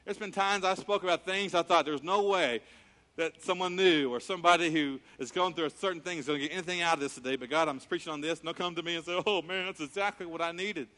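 A man preaching a sermon, animated, acting out scenes with quoted voices. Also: fairly high pitch, fast. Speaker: pastor. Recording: long reverb of a large hall.

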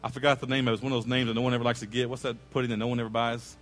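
A man preaching a sermon, telling a story with lively acted-out quotes and asides to the congregation. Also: medium pitch, very fast, soft background music. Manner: animated storyteller, acts out quoted voices, jokes with congregation. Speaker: pastor. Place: church sanctuary.

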